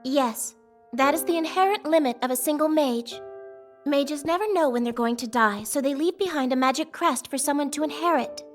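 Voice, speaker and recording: A woman voicing a proud teenage girl mage in an anime dub, lecturing and quick to flare up. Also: high voice, lightly acted. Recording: studio dub with music behind.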